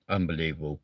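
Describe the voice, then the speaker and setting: A man's voice: very deep voice, sharp tone, no room sound. A man hosting a live stream, chatting casually, reading out the chat and swearing freely between lots of ums.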